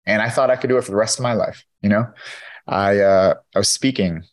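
A man's voice: lowish voice, fairly quick. A man, a podcast guest and keynote speaker, candidly telling his personal story in an interview, earnest and full of "you know".

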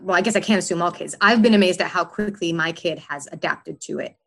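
A woman with a slightly low voice, talking as a podcast guest. She speaks thoughtfully and reflectively, with casual pauses. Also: gravelly, poor audio. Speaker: guest, parent. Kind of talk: casual chat.

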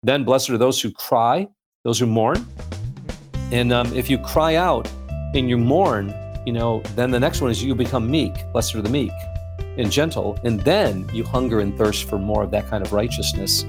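A man's voice: mid-range voice, normal speed, over music. A man speaking as a guest in a casual faith-based conversation, rambling with many fillers and restarts as he tells stories. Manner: acts out voices in anecdotes.

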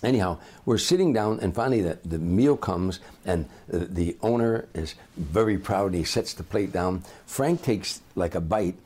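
An older man, a comedian, telling lively anecdotes in an interview and acting out the people in them. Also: deep voice, moderate pace, few pauses, breathy edge. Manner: animated raconteur, acts out voices. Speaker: comedian guest.

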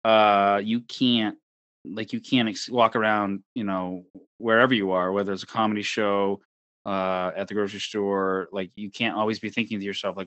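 A man co-hosting a casual chat, a comedy show producer who is also a sports official, easygoing and measured. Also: fairly low pitch, flat delivery, fairly bright tone, dry recording.

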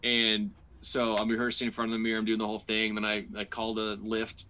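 A man's voice: fairly low pitch, a little fast, poor audio. A man, a guest comedian, telling a rambling personal story in casual podcast chat, full of restarts and fillers and acting out his own past lines. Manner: rambling, animated anecdote with many restarts and fillers.

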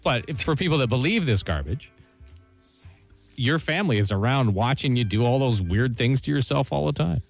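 A man's voice: medium pitch, expressive, moderate pace, creaky, faint music behind. A man co-hosting a radio show, reading the weather and arguing his points in a dry, skeptical way. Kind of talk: casual radio banter.

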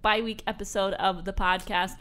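A woman hosting a sports podcast, her voice under the weather from illness, upbeat and quick to laugh as she questions her guest. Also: mid-range voice, flat delivery, a bit bright, a little hiss or hum. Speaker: podcast host.

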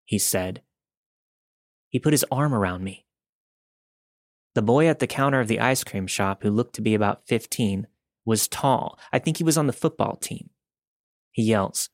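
A man reads a listener's true story for a podcast, keeping a calm, even storytelling pace. His voice sits at an ordinary middle pitch. The sound is dry and close, with no room around it. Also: unhurried, pauses often, no echo. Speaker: podcast host reading listener stories. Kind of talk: scripted first-person narration.

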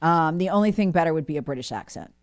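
A woman's voice: low voice, lively intonation, quick pace, a little mellow, no room sound, clean studio sound. A woman co-hosting a radio talk show, chatting playfully and reading listener texts aloud. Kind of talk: casual radio chat.

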